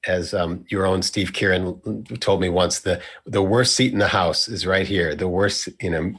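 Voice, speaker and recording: A young man hosting a relaxed talk show. His voice sits low with a husky edge. He rambles and circles back on his sentences, with playful asides. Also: moderate pace. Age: young adult. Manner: rambling, self-correcting, playful. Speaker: host. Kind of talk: casual conversation.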